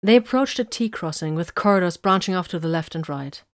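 A woman reading a fantasy story as narrator, with steady, measured storytelling. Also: fairly low pitch, no room sound, studio quality. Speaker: audiobook narrator. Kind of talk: scripted narration.

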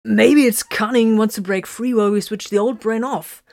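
A woman's voice: a little high, fairly even intonation, normal speed, a little mellow, dry recording, studio quality, voice pushed up, natural voice. A woman voicing a nonchalant male warrior musing.

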